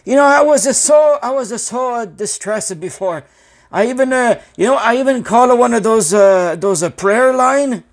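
A man's voice: extremely high pitch, lively intonation, normal speed. A man doing a rambling broken-English shop owner. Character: anxious, rambling immigrant male business owner.

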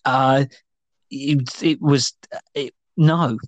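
A man's voice: medium pitch, fairly even intonation, drawn-out words, dry recording. A man co-hosting a podcast, telling things in a playful, rambling casual chat. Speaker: podcast co-host.

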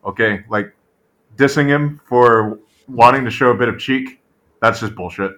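A man co-hosting a casual sports podcast, animated and full of fillers and "right?" tag questions. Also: medium pitch, moderate pace. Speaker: podcast co-host.

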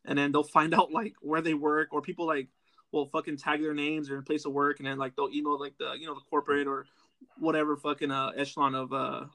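A man's voice: fairly high pitch, little pitch movement, bright, forceful tone, no room sound. A man ranting heatedly and profanely in casual podcast chat. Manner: heated, profane, fast rant.

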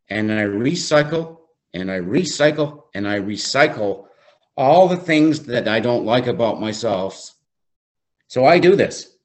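A man speaks in an unhurried, deliberate way, leaning on repeated phrases as he reads and reflects on scripture. His voice sits at an ordinary middle pitch, and he leads a small faith-based recovery group. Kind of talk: devotional teaching.

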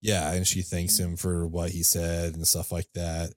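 A man with a very low voice talks loosely through a film discussion, his sentences wandering with plenty of fillers. The sound is dry and close, like a home podcast mic. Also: a little slow, no echo. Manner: relaxed, rambling with many fillers. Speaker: podcast co-host. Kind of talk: casual chat.

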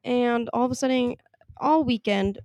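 A woman's voice: fairly high pitch, moderate pace, darkish tone, dry recording. A woman on a podcast telling a chatty anecdote in casual talk, laughing now and then. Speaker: podcast co-host. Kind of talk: casual storytelling chat.

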